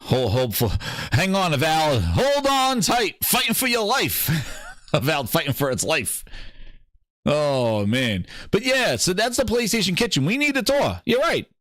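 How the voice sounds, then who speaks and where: A man's voice: a little high, measured pace, no echo, clean studio sound. A man hosting a gaming show, joking and exclaiming in a comedic livestream chat. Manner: animated, joking, exclaiming, laughing often.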